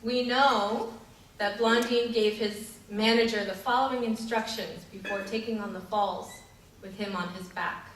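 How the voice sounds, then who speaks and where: A woman's voice: a little high, steady tone, a little slow, a bit bright, a little hiss or hum. A woman giving a sermon and telling a story, in an earnest way with some fillers and restarts. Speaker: preacher. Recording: echoey hall, distant mic.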